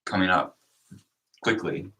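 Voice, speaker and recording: A young youth pastor with a very low but bright voice chats on a livestream. He talks in an easygoing, rambling way, stretching his thoughts out with fillers. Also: slow, recorded from a distance. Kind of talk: casual livestream chat.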